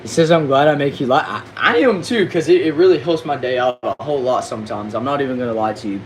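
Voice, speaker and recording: A young Southern man from Texas chats loosely through his livestream comments, slangy and relaxed, tripping over words now and then. His voice sits at an ordinary middle pitch. A faint hum runs in the background. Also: quick pace, low-quality recording. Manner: laid-back, slangy, stumbles and repeats words. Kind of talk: casual livestream chat reading comments. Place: back shed.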